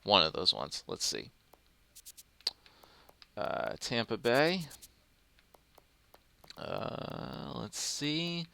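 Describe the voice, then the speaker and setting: Bright-voiced young man rambling over gameplay. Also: lowish voice, wildly swooping pitch, drawn-out words, gravelly, long pauses. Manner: thinking aloud, rambling with fillers. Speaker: gaming commentator. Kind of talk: casual gameplay commentary.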